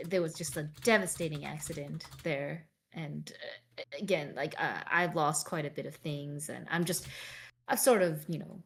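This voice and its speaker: In a low-pitched voice, a woman plays a weary, drifting ex-bodyguard during a tabletop role-play, staying in character. She speaks politely but hesitantly and rambles, and there's a slight hiss or hum.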